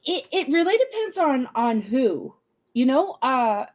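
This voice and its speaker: A woman from Canada with a fairly high voice, co-hosting an online talk show. She chats freely and laughs easily. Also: very animated, measured pace. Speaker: podcast co-host. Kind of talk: casual chat.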